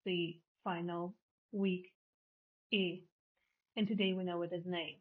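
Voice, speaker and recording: Woman teaching linguistics, explains slowly and rephrases stuff, sounds thin like over a phone. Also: fairly low pitch, fairly even intonation. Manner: explanatory, repeats and rephrases terms. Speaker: linguistics lecturer. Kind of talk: recorded lecture. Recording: tinny phone-like audio.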